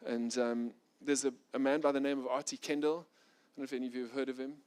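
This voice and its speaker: A middle-aged male pastor preaching a sermon, swinging from loud, urgent passages to soft, quiet ones. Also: clear, resonant tone. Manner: animated preacher, rising loud and fast when intense, dropping soft and low.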